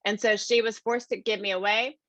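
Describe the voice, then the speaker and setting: A woman around fifty giving a conference keynote, telling her story in a lively, conversational way and calling the audience "y'all.". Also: mid-range voice, a little fast, dry recording, lo-fi sound. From American Midwest. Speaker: keynote speaker. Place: conference room.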